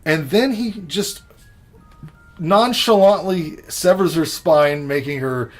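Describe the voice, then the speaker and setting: Man on a horror podcast, casual movie chat, swearing a lot, jokey and animated. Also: a little high, takes it slowly, soft background music. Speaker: podcast co-host.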